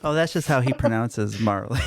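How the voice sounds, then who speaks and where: A man's voice: medium pitch, normal speed, creaky. A man joking around as a trivia contestant in casual podcast banter. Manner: joking, wisecracking. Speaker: quiz contestant.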